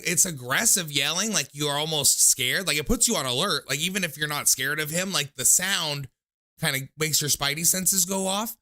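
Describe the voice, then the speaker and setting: A man's voice: on the high side, moderate pace, bright, forceful tone. A young man hosting a call-in livestream, rambling and poking fun at himself in casual chat. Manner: rambling, self-mocking storyteller. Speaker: call-in show host.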